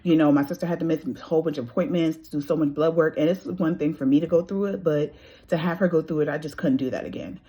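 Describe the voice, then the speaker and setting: A woman's voice: deep voice, fast talker, slightly rough. A woman in her thirties telling her own story casually, acting out the voices of people she quotes. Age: 30s. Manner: animated, acts out quoted dialogue.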